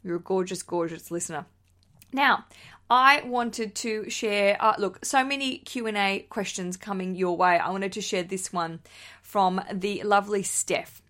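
A woman's voice: medium pitch, unhurried, pushed and bright. Australian woman, podcast host, bubbly, chatty, casual solo talk. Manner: bubbly, chatty, laughs often, swears casually. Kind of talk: casual solo podcast, reading listener messages.

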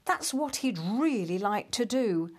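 A woman reading a children's storybook aloud in a gentle, measured and expressive way. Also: mid-range voice, husky.

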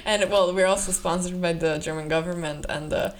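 Laughing woman with a lowish voice. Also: fairly even intonation, fairly quick, slight background noise. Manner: laughs often, hesitant fillers. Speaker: podcast co-host. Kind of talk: casual chat.

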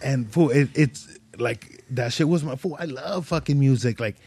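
A man's voice: medium pitch, moderate pace, mellow, husky, dry recording. A young adult man, a podcast guest, telling stories in rambling, profane, slangy casual talk. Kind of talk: casual storytelling.

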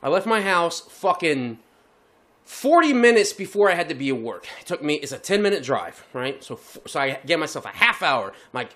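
A man's voice: fairly high pitch, moderate pace. A man co-hosting a podcast, telling a story in casual chat and swearing constantly. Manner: profane, animated storytelling with heavy swearing. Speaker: podcast co-host.

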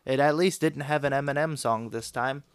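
A man's voice: medium pitch, moderate pace, clear, resonant tone, no room sound. A young man co-hosting a casual podcast, joking around and telling stories with casual swearing. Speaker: podcast co-host. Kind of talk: casual chat.

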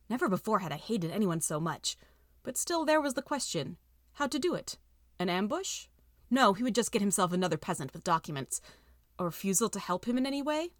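A woman reading a story aloud with steady, expressive narration. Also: lowish voice, no room sound, studio quality. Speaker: audiobook reader.

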